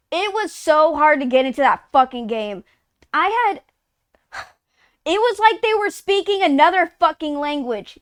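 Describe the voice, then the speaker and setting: A woman in her twenties from Texas chats casually on a live stream in a high-pitched voice, captured in a dry recording. She rambles, swears often and says "like" constantly.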